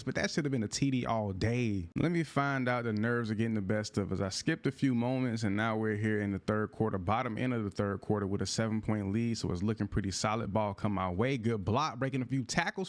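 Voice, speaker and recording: A young man giving hyped, slangy commentary over his own football video game, his voice going in and out. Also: a little fast. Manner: hyped, slangy trash talk with sudden high yelps. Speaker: gaming YouTuber. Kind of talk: gameplay commentary.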